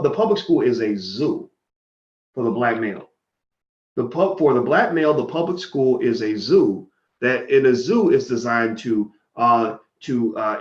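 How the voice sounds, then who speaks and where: A man's voice: medium pitch, reverberant, dull audio. A man giving a blunt, profane, heated monologue on a livestream. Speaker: commentator.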